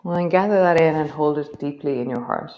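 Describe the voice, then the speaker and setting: A woman teaching a yoga class, guiding the movements with slow, gentle spoken cues. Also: deep voice, lo-fi sound.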